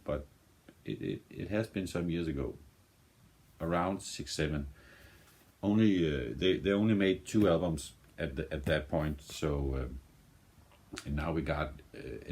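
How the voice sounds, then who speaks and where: A Danish-born vinyl music vlogger makes easygoing, wandering conversation in English, which isn't his first language, often pausing to restart or find words. His voice is extremely low and on the dark side.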